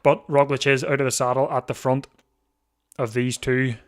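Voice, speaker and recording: With a medium-pitched, flat delivery, a male live stream host talks casually over a bike race he's watching along with viewers. He keeps restarting, yawns as if drowsy, muses aloud, and laughs readily.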